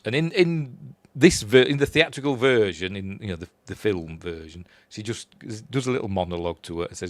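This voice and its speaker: Yorkshire-accented male film reviewer, chatty rambler, slightly low voice, dry mic. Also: animated, a little fast, hardly any pauses, no echo. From Yorkshire, England. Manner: rambling, chuckling, quotes characters in a raised voice. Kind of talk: casual film recap.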